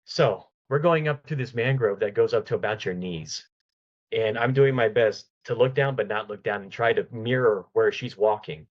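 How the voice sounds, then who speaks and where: A man, a podcast guest, telling a lively anecdote in casual conversation, often restarting his sentences. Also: on the low side, moderate pace, muffled recording. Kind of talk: casual storytelling in an interview.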